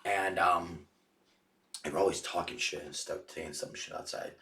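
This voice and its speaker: A man, a podcast guest, telling rough stories in a rambling, profanity-heavy casual way. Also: deep voice, steady tone, normal speed, pushed and bright, far from the mic, a little hiss or hum. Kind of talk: casual storytelling. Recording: echoey room, off-mic.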